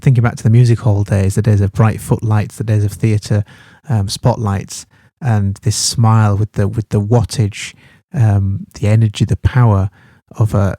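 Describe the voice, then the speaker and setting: Low, mellow-voiced man musing aloud. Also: no echo, studio quality. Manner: thinking aloud with many fillers and restarts. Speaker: teacher. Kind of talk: study guide commentary.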